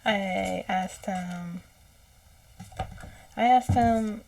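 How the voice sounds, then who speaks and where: A woman psychic talking casually about messages she says she channeled, slow and hesitant, often correcting herself and dropping into whispers. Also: mid-range voice, creaky, dry recording, far from the mic. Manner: slow, hesitant, self-correcting, with soft laughs and whispered asides.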